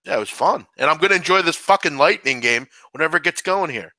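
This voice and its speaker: A man's voice: on the high side, animated, quick pace, pushed and bright, no room sound, rough recording. A man co-hosting a live sports betting chat, swearing freely and teasing his co-host.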